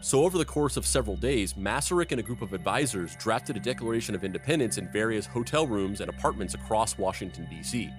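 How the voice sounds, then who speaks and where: A man's voice: on the low side, lively intonation, quick pace, hardly any pauses, soft background music. A man hosting a comedic history podcast, narrating events and breaking off into playful, silly tangents.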